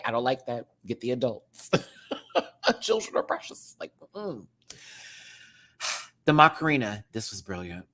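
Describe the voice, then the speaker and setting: A man reviewing a show to camera talks in a chatty, expressive rant. His voice dips to murmured asides, then jumps up into loud exclamations. Laughter keeps breaking into his talk. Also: mid-range voice, moderate pace. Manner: animated, swings from hushed asides to loud exclaiming; laughs often. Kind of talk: casual commentary rant to camera.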